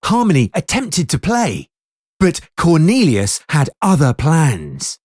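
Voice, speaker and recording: Lively children's storyteller. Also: mid-range voice, takes it slowly, dry recording, clean studio sound. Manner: lively, expressive.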